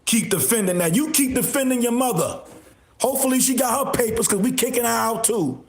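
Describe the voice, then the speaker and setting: Mocking high-voiced man ranting on a livestream. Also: fairly quick, reverberant. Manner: mocking, loud laughing outbursts, insults viewers. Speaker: livestream host.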